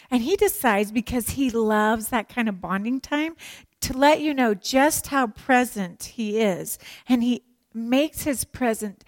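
A woman teaching a sermon to women, animated and emphatic, with playful joking asides. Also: on the high side, unhurried, dry recording. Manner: animated and emphatic, acts out prayers and quotes.

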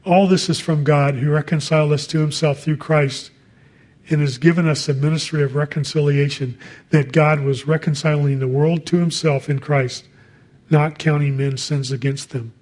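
A man's voice: on the high side, steady tone, normal speed, a little mellow. A man preaching a sermon in a conversational way, reading scripture and adding casual asides.

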